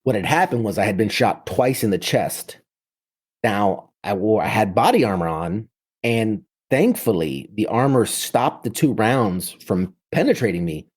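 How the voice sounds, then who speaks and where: A man's voice: on the low side, big pitch swings, unhurried, breathy edge. A man in his thirties from New York City, a military veteran telling his story in casual talk, full of vivid detail and frequent restarts.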